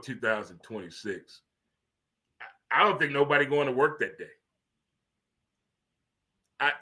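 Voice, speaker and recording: A man, hosting a casual talk show in an animated, swearing, preacher-like monologue. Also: mid-range voice. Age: 50s. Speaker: host. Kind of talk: casual radio-style monologue.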